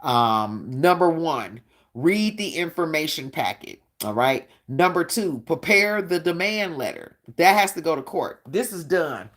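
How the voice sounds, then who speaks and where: A woman's voice: low voice, sing-song, unhurried. A woman hosting a live-stream Q&A, talking bluntly and profanely in a combative tone and often asking "all right?". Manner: blunt, profane street talk. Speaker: channel host.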